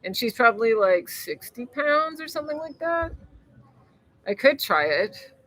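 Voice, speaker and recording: A woman's voice: on the high side, big pitch swings, unhurried, fairly bright tone, low-quality recording. A woman hosting a casual live stream, rambling and chatty, laughing often and swearing freely as she reads viewer comments.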